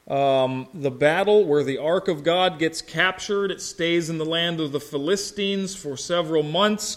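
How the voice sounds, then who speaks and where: A pastor from Ohio preaching a sermon in a slow, easygoing drawl. His voice sits a little high for a man, and he mixes folksy anecdotes with questions to the congregation. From Ohio, United States.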